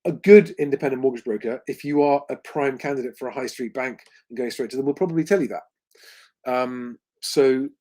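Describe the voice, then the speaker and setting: A man's voice: medium pitch, moderate pace, warm tone. A man hosting a livestream Q&A, talking conversationally with lots of ums and restarts. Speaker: host.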